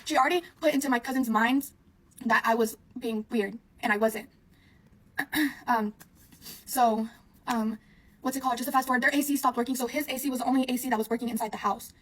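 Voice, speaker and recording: A woman's voice: fairly high pitch, fairly even intonation, a little fast. A young woman telling a personal story to camera in a rambling way, full of "like" and swearing. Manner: rambling, heavy use of "like", frequent swearing. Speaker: vlogger. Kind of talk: casual storytime monologue.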